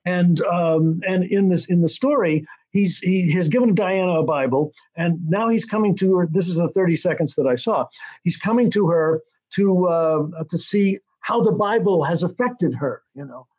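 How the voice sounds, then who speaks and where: Older man with a high voice, rambling. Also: moderate pace, darkish tone. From United States. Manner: rambling with many restarts and fillers. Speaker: TV writer-director being interviewed. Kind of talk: casual interview storytelling.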